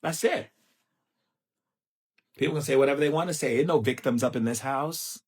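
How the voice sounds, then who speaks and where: A man giving a live spiritual talk, playful and theatrical, with sudden jumps in pitch and drawn-out chanted phrases. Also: slightly rough. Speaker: spiritual teacher.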